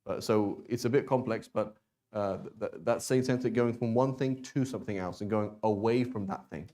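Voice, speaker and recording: A man's voice: on the low side, normal speed, mellow. A man teaching a beginners' Arabic class, explaining casually with frequent restarts and "right?" checks. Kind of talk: classroom lesson.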